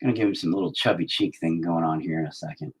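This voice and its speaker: A man's voice: deep voice, fast, husky. A man streaming himself painting, rambling to himself and swearing nonstop in casual, self-critical commentary. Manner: talks to himself while working. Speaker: painter streaming his work.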